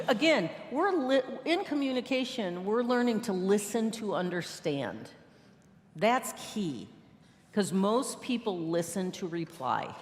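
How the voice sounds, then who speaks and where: Female speaker, lively sermon delivery with acted-out quotes, in a reverberant sanctuary. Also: mid-range voice. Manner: lively, laughing, acts out quoted voices. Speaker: guest speaker. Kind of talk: sermon with banter. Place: church sanctuary. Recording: long church hall reverb.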